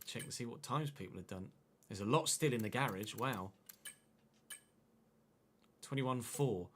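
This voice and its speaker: A man's voice: medium pitch, a little slow, background noise. Chatty English man streaming a game. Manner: chatty, thinking aloud, conversational. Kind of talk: live gameplay commentary and chat.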